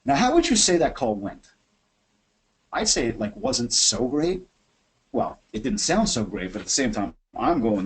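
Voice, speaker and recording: Man, webinar host, energetic sales coach, chatty, lively swinging pitch, office. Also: normal speed, breathy edge, low-quality recording. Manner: energetic, chatty, acts out phone calls. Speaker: real estate sales coach hosting a webinar. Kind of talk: animated software demo and sales coaching. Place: his office.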